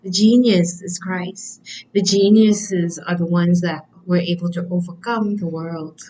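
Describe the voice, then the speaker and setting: A woman's voice: fairly low pitch, steady tone, unhurried, dark tone, rough recording. A woman giving a spiritual talk in an earnest, conversational way, often searching for words. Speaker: spiritual reader.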